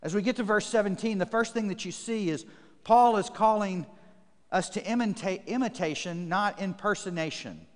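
A man's voice: high voice, normal speed. A man preaching a sermon as pastor to his congregation, building emphatic repeated phrases and reading scripture aloud. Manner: emphatic, repetitive preaching cadence. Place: church sanctuary. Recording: long church reverb.

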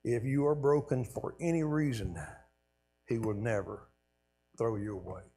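A man speaking as a guest preacher, telling an earnest personal story in a sermon and often dropping to a soft hush. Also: medium pitch, lively intonation, unhurried, slight background noise. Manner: earnest storytelling, trailing off softly at key lines. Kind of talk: sermon testimony.

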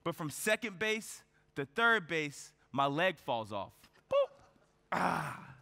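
Male keynote speaker, high bright voice, storytelling style, lots of rhetorical questions. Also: sing-song, slow pace, creaky. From United States. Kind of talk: motivational keynote speech. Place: large event hall on stage. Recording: reverberant conference hall.

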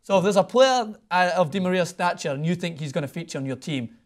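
Young dude hosting sports talk, rapid and kinda high voiced, joking around. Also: male voice, expressive. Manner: quick, joking banter. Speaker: sports show host. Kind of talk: casual sports chat.

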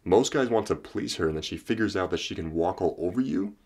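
Husky low-voiced man giving blunt advice. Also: brisk, a little mellow. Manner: blunt and profane, acts out quoted lines. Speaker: dating coach. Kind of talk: direct-to-camera advice talk.

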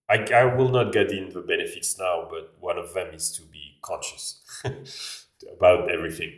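Brief: French-accented man, casual vlog, rambling delivery, lowish voice, roomy echo. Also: fairly even intonation, moderate pace. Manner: rambling, restarts phrases, frequent "like". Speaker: vlogger. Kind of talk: casual talk to camera. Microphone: camera. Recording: echoey room, voice a bit far off.

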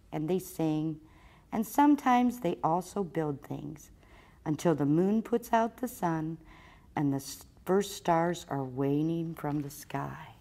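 Woman librarian, storytime read-aloud, low voice, unhurried. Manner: expressive, slow storytelling. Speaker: children's librarian.

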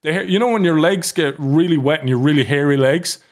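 A man's voice: on the high side, brisk. A man with an Irish accent, a podcast guest telling long rambling stories in casual chat and laughing as he goes. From Ireland.

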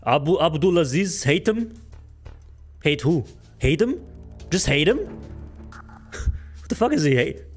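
A man with a high, bouncing voice, talking through a live stream in an excitable rush that keeps tripping over words and swearing. He drawls his words slowly. Faint music plays under him. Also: slightly rough. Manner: excitable, swears often, stumbles over names. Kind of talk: casual live-stream commentary.

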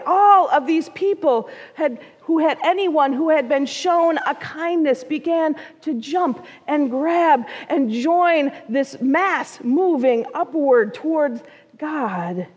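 A woman pastor telling a story in a sermon, slow and expressive, putting on small voices for the quoted figures. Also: high voice. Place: church sanctuary. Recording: long church reverb.

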